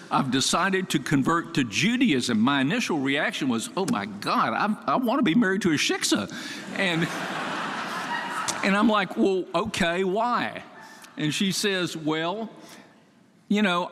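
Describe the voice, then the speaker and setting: A man's voice: a little high, a bit bright. A man in his seventies from Texas giving a humorous storytelling eulogy, conversational and wry, lifting his voice to act out quoted dialogue. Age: 70s. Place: large synagogue sanctuary. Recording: long reverb of a large hall.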